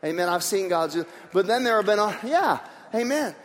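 A man preaching a sermon, telling stories in an animated way with many restarts and repeated words. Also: high-pitched, moderate pace, big-room sound. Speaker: pastor.

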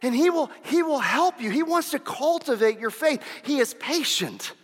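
Male pastor, very high bright voice, emphatic repeating delivery, long reverb of a church hall. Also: lively intonation, moderate pace. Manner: emphatic, repeats phrases for effect. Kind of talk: sermon.

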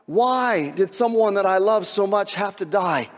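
A man preaching a sermon with emphatic delivery, swinging from hushed, intimate passages to shouted climaxes. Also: high-pitched, animated, unhurried, big-room sound. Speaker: pastor.

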